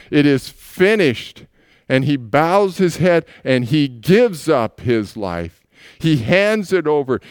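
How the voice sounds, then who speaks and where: Smooth-voiced male pastor telling stories. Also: medium pitch, dry recording, studio quality. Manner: storytelling, acting out voices in scripture scenes. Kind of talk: sermon.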